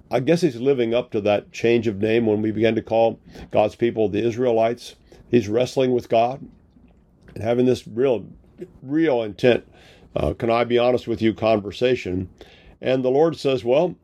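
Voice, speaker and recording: A man's voice: mid-range voice, mellow. A male pastor giving a sermon in a conversational storytelling manner, retelling scripture with casual paraphrased dialogue.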